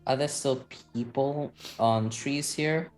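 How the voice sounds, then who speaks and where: A man playing a tabletop role-play game, describing his character in a slow, musing way. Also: medium pitch, soft background music. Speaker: player.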